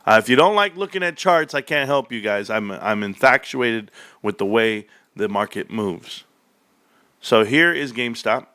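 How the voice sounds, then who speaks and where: A man hosting casual stock market commentary, animated and joking, calling his viewers bro. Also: medium pitch, normal speed, smooth, dry recording. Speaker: stock market video host.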